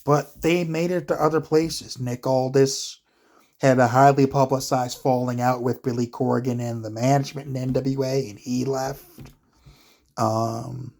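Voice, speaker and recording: A man's voice: mid-range voice, steady tone, unhurried, a little mellow. A man talking to camera in a casual, profane rant, exasperated and rambling with lots of filler words. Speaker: wrestling commentary vlogger. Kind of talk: casual ranting commentary.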